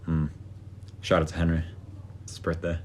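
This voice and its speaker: A man's voice: low-pitched, monotone, normal speed, a little hiss or hum. A young man co-hosting a podcast, rambling through a story in casual chat, swearing and acting out what people said. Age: young adult. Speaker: podcast co-host.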